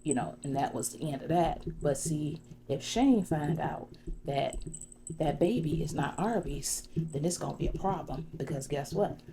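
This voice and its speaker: Low-voiced woman gossiping in ASMR role-play. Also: moderate pace, background noise. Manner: chatty storyteller, full of "you know". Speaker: ASMR creator.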